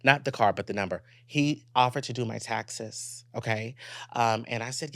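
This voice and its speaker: A young man hosting a solo podcast, telling a personal story in a candid, profane, animated way and talking straight to his listeners. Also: medium pitch, normal speed, gravelly, no echo. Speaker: podcast host.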